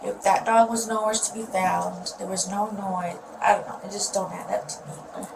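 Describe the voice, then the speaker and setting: A woman's voice: medium pitch, steady tone, moderate pace, vocal fry. A mother being questioned by police, rambling and upset, often trailing off mid-sentence. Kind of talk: recorded police interview. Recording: distant mic with loud noise.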